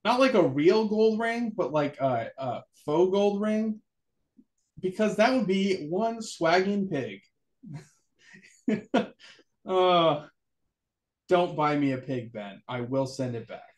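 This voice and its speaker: Church podcast co-host, male, playful and animated, voice sits a bit high. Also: takes it slowly, long pauses. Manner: animated, jokey, muses aloud. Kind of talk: casual chat with scripture reading.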